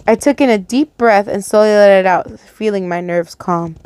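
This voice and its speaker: A woman's voice: medium pitch, moderate pace, hardly any pauses, a little mellow, dry recording. A woman reading a first-person fan fiction story aloud, stumbling over words and correcting herself, with casual asides.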